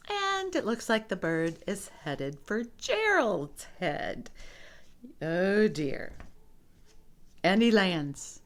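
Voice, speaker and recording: A woman reading a picture book aloud to children, asking the listener questions about the pictures. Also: medium pitch. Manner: slow, expressive, asks the listener questions. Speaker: storybook reader.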